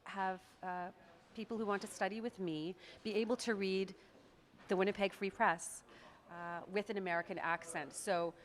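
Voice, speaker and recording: This Canadian woman, an actress who coaches accents, answers interview questions by explaining pronunciation, sounding out words and laughing frequently. She speaks at medium pitch and a moderate pace with fairly even intonation, and there's a slight hiss or hum in the audio.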